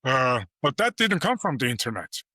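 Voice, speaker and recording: A man's voice: medium pitch, moderate pace, no room sound. A middle-aged man, a guest professor in a casual interview, telling stories and acting out quoted dialogue. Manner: animated storyteller, acts out quoted dialogue.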